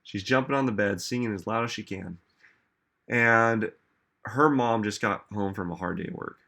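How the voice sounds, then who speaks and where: Male motivational speaker, slightly low voice, relaxed talk that turns emphatic with questions to the audience. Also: moderate pace, creaky. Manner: conversational, frequent "like" and "right?". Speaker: self-help speaker.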